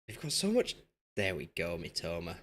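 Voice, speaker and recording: Sitting low but swinging hugely in pitch, his fairly bright voice moves at a moderate pace. The young streamer from Yorkshire, England, offers casual live commentary while playing a football management game, chatting with viewers in a talkative, self-deprecating way.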